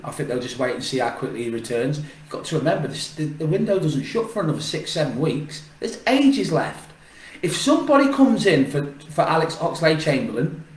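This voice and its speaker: A man's voice: fairly high pitch, distant mic. A man giving his opinions on a fan channel, emphatic and repetitive, often restarting his sentences. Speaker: football fan channel host. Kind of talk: casual opinion vlog. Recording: echoey room, set back from the mic.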